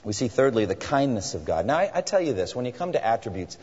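Preaching a sermon in earnest, a man with a middle-pitched, slightly husky, darkish voice slows down to dwell on each phrase and is very animated. The sound is a little dull, and a long reverb hangs in the large hall around him.

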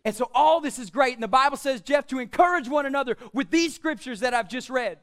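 A man preaching a sermon, quoting scripture and swinging between loud emphatic declarations and quieter, playful asides. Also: very high-pitched, brisk. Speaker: pastor.

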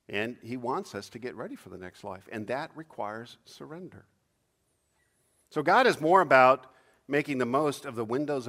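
Guy preaching a sermon, voice swings all over, bursts loud and high acting stuff out. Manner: animated preaching, acts out cries with sudden loud high bursts. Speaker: pastor.

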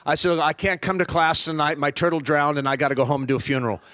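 Guy preaching his testimony, acts out the voices, kinda high voice, dry close sound. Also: fast, no echo. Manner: animated storyteller acting out dialogue. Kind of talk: personal testimony sermon.

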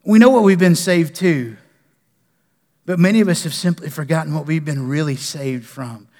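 Man, pastor, lively sermon delivery, high voice, echoing church hall. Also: normal speed. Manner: animated, preaching with loud bursts and quiet drops. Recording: long reverb of a large hall.

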